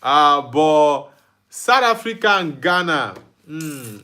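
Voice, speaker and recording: A man's voice: on the high side, big pitch swings, slow, pushed and bright. A young Nigerian man hosting a live football watchalong, reading viewer comments aloud and bantering with frequent laughs. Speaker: livestream host.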